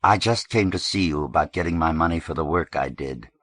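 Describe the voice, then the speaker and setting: A man's voice: extremely low pitch, a little fast, a bit bright, no echo. A man voicing an awkward young drifter who speaks bluntly and reluctantly in an audiobook. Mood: annoyed.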